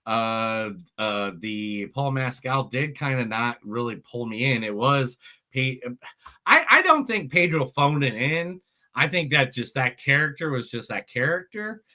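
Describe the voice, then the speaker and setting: A man co-hosting a movie review podcast, joking around in casual chat with loud, emphatic outbursts. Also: mid-range voice, animated, unhurried.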